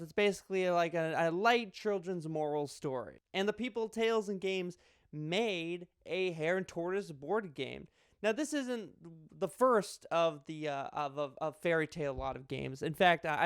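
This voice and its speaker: A man's voice: sits high, smooth, dry recording, studio quality. A young man talking casually and rambling a little as he reviews a board game. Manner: chatty, rambling with restarts and jokes.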